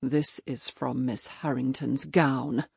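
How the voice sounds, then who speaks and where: A woman voicing a stern male major and magistrate who talks in clipped, threatening, quietly forceful lines. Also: sits low, measured pace, gravelly, no echo, studio quality, full character voice.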